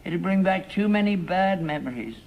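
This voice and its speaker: A man's voice: sits high, lively intonation, normal speed, muffled recording. A grumpy old father. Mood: grumbling. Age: older. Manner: grumbling, stubborn and sour. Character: grumpy old working-class father, stubborn and cynical. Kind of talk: 1960s-70s TV sitcom acting. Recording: hissy archive TV recording with far audience laughter.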